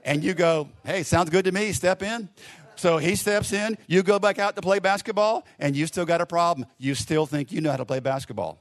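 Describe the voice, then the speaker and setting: A pastor delivers a sermon in a fairly high voice, speaking quickly with barely any pauses. He tells a story conversationally, sinks to a soft hush for the gentler lines, and closes by leading a prayer.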